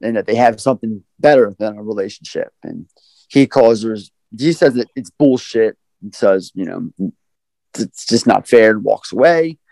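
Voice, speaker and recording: A man's voice: fairly low pitch, normal speed, gravelly, dark tone, dry recording, low-quality recording. A man hosting a podcast, casually summarizing a film's plot in a loose, profane way. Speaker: podcast host. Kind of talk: casual film recap chat.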